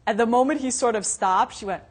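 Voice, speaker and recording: A woman's voice: fairly high pitch, fairly quick. A woman teaching a live meditation class. She talks casually and tells stories with light laughter. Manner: casual and conversational, many "you know"s and asides; storytelling with frequent light laughter. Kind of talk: live Buddhist dharma class talk.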